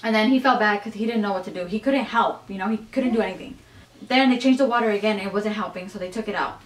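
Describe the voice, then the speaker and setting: A young adult woman vlogger telling a personal story in a chatty, animated way, full of "like" and "you guys". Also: mid-range voice, quick pace, recorded from a distance. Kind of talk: casual storytelling to camera. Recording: echoey room.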